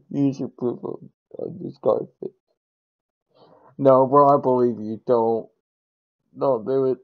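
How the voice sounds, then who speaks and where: A man's voice: medium pitch, fairly even intonation, slow, pauses often, phone-quality sound. A man giving casual, joking and profane commentary while playing an online card game. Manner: joking, profane, self-mocking.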